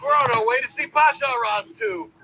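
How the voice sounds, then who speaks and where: A man's voice: very high voice, brisk, sharp tone. A man performing a comedy sketch with a goofy, jokey delivery. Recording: echoey room from a distance.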